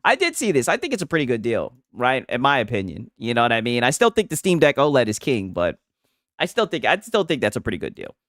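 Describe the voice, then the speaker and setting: A man's voice: medium pitch, huge pitch swings, fast talker, a bit bright, dry recording, clean studio sound. A man hosting a live stream, reacting casually in a loose, rambling way full of tag questions. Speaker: streamer host.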